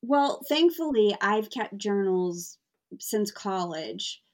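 Candid, lively woman guest chatting. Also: mid-range voice, takes it slowly. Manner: candid, animated, mimics others. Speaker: guest, author. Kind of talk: casual conversation.

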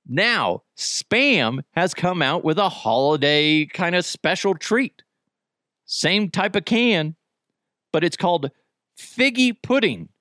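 Casual male podcast host, lively swooping voice, dry close mic, laughs a lot. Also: a little high, no echo. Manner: goofy, laughs a lot, jokey. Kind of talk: casual chat.

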